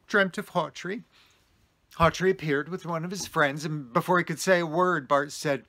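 Man, storytelling vlog host, expressive, laughs often, bright voice. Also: a little high, normal speed. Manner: animated and expressive, with frequent laughter.

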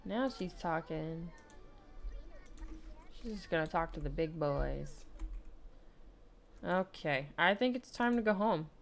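A woman's voice: fairly low pitch, lively intonation, takes it slowly, creaky, long pauses, a little hiss or hum. A young woman giving casual let's play commentary, playfully bossing around the characters in her game. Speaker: gaming YouTuber.

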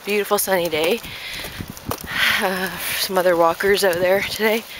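A woman's voice: medium pitch, steady tone, normal speed. A woman talking casually to the camera while walking her dog outdoors, a little out of breath and rambling with lots of fillers. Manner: rambling, chatty, many fillers. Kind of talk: casual walk-and-talk vlog. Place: outdoors in a neighborhood park. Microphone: handheld camera while walking. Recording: noisy outdoor camera audio. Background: outdoor noise.

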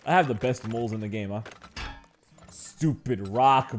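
A man's voice: fairly low pitch, a little slow, faint music behind. A man giving casual let's-play commentary on a game, joking and playfully mock-angry as he bosses his in-game workers around. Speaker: gaming channel host.

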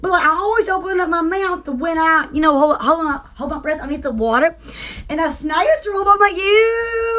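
A woman's voice: very high-pitched, lively intonation, moderate pace, bright, forceful tone. A woman hosting a casual livestream, chatting in a giggly, rambling way. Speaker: channel host.

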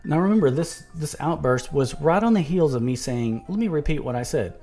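A man's voice: a little high, expressive, a little fast, warm tone, soft background music. A man in an argumentative video monologue who reads quotes aloud, restarts words and turns sarcastic. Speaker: video commentator.

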